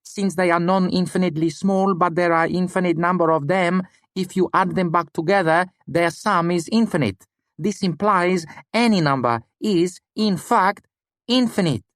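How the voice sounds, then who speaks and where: A man's voice: high voice, level tone, fairly quick, hardly any pauses, no room sound, clean studio sound, pitched above the performer's own voice, natural voice. A man voicing a precise young male student with an odd foreign accent, reasoning step by step in an audiobook. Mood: explaining.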